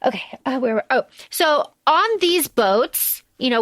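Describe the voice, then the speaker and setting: A woman's voice: sits high, unhurried, few pauses, no echo. A woman co-hosting a podcast, chatting casually and animatedly as she recaps a film, swearing and acting out the characters' lines. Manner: animated, swearing, acts out lines in raised voices. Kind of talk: casual chat.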